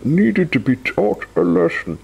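A man's voice: fairly high pitch, wildly swooping pitch, unhurried, vocal fry, darkish tone, husky, voice pushed up, heavily acted, rough recording. A man voicing an eccentric, pompous wizard in a storybook reading, theatrical and rambling. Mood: excited, lofty.

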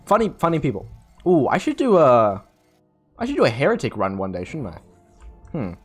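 A man's voice: mid-range voice, wildly swooping pitch, normal speed, husky. Rambling late-night gamer guy, faint music. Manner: rambling, self-deprecating, swears freely. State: tired from recording late at night. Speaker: gaming YouTuber. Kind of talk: casual gameplay commentary.

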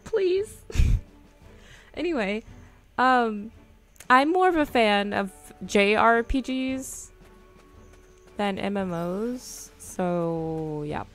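Young woman, game streamer, casual commentary, slow unhurried pace, slangy and chatty. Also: medium pitch, expressive, a bit bright, soft background music. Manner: laid-back, chatty, slangy, laughs often.

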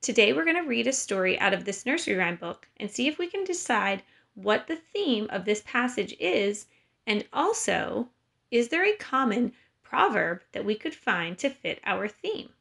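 A woman teacher giving a recorded lesson to schoolchildren and reading a story aloud in a clear, patient way. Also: fairly high pitch, very animated, moderate pace, fairly bright tone.

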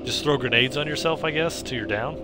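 A man's voice: on the high side, a little fast, over loud music. A man chatting casually and joking while playing a co-op shooter on a livestream. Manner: laid-back, joking, swears casually. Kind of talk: casual gaming chat. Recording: game gunfire and noise behind.

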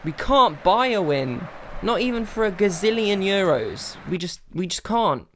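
Excitable young gaming commentator. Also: male voice, high voice, unhurried, slight background noise. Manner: excitable, swings between exasperated outbursts and calm planning. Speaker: gaming video creator. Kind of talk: live gameplay commentary.

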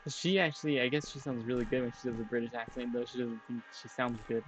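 A streamer giving casual gameplay commentary in a rambling, offhand way, as if chatting to himself. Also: male voice, mid-range voice, steady tone, fast talker, soft background music. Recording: dull lo-fi audio.

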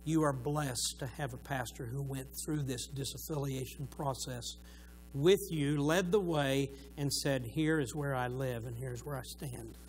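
A man's voice: mid-range voice, a little slow, a little hiss or hum, poor audio. A middle-aged man from Oklahoma with a southern Oklahoma accent, a retired pastor greeting a church congregation and preaching, earnest with light joking asides. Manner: warm joking asides, earnest about faith. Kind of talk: church greeting and sermon introduction. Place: church sanctuary.

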